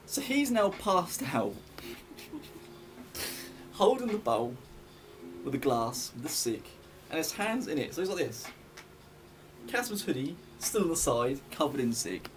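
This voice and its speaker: A man's voice: fairly high pitch, sing-song, moderate pace, long pauses, a little hiss or hum. A young man telling a story in a casual vlog, rambling and chatty with many fillers and restarts.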